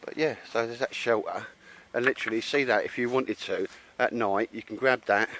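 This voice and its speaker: A man's voice: mid-range voice, steady tone, brisk, fairly bright tone, a little hiss or hum. A man with a Cockney accent chatting casually outdoors while showing a tarp shelter, laddish and calling everyone mate. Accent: London Cockney. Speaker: outdoor gear vlogger. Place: outdoors at a campsite.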